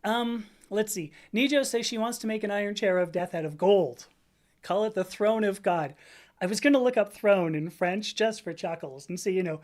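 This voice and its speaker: A woman's voice: mid-range voice, normal speed, darkish tone. A middle-aged American woman hosting a casual livestream, answering chat comments in a rambling way, often correcting herself. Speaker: livestream host reading chat.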